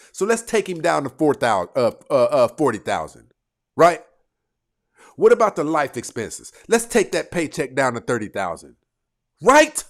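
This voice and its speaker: Animated man riffing on a livestream. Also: on the high side. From United States. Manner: animated, laughing, talks back to chat. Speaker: livestream host reacting to commenters. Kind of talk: casual livestream commentary.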